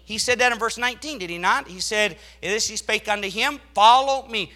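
A male pastor preaches a sermon, reading scripture aloud and swelling dramatically in volume to drive his points home. His high voice moves briskly with few pauses.

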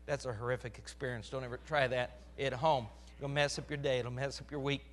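A pastor in his forties preaching a sermon with a crackly, strained voice, animated and rising to loud emphasis. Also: mid-range voice, a little fast. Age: 40s.

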